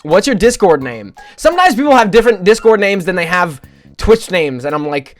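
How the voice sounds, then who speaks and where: Male streamer, pitched a bit high, loose profane banter with chat, self-mocking, soft music underneath. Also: big pitch swings, brisk. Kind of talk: casual live-stream chat with viewers.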